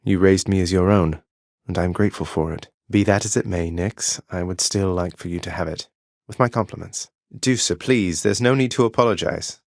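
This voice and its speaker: In a studio booth with no echo, a male actor voices an earnest, wry young prince of the underworld for a video game. His voice is low and his pace normal, and he stays polite while slipping in dry teasing.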